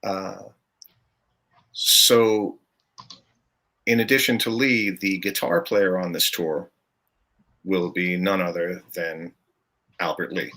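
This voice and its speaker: An older man with a low, deep voice that still rings bright and forceful. He chats easily as a guest on a podcast, telling stories about gigs and laughing often along the way. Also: fairly even intonation, slow, pauses often. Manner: chatty, storytelling, laughs often. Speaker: guest musician. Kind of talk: casual podcast chat.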